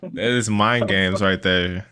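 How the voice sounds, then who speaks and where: A young man with a fairly low pitch and a bright, forceful edge, joking around in slangy banter as a podcast co-host. He talks casually and teases his friend. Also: fairly even intonation, takes it slowly. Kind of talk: casual chat.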